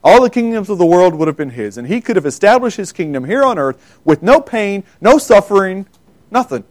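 A man preaching a sermon, emphatic, rising in force when he quotes scripture and pausing now and then to find his place. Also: high voice, sing-song, a little mellow. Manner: pauses and self-corrects, loses place in notes.

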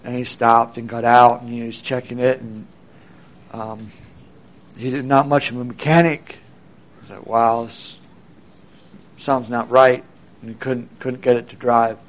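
A man's voice: medium pitch, level tone, moderate pace. A man casually telling a long anecdote, with many fillers and restarts, briefly acting out the people in it. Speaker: storyteller. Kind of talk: casual spoken storytelling.

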